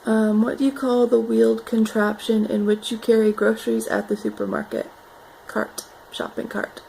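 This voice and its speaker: Slow-talking young woman, gravelly. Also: on the high side, a little hiss or hum, rough recording. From North Carolina. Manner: relaxed, rambling, says "like" and "um" often. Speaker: vlogger. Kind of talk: casual accent challenge vlog.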